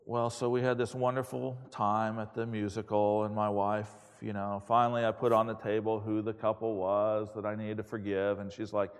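A middle-aged man preaching a sermon, telling a personal story in a candid, self-mocking and animated way. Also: on the low side, fairly quick, hardly any pauses, clear, resonant tone. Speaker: pastor. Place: chapel. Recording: echoey hall reverb.

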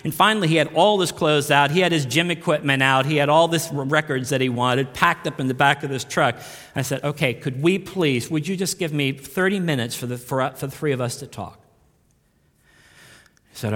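Male pastor, sermon, earnest, swells and softens, slightly high voice, echoing hall. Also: fairly quick. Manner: earnest preaching, swells louder on key lines then drops soft.

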